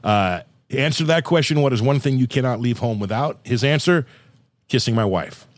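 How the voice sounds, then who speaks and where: A man hosting a podcast in a casual chat, firing off quick questions in an upbeat way. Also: medium pitch, animated, no room sound, clean studio sound. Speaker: podcast host.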